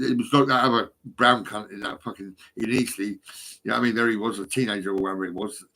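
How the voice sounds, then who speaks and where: Middle-aged man, husky voice, rambling and profane, agitated phone vlogger, swings from mumbles to outbursts. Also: lowish voice, pushed and bright. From England. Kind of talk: rambling monologue to camera.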